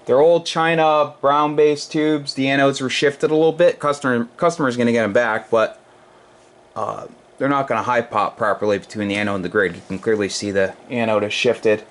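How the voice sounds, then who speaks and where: A man's voice: medium pitch, steady tone, brisk, fairly bright tone. A tired amp repair technician talking casually in his workshop as he tests gear, rambling with restarts. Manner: rambling, restarts, talks while testing gear.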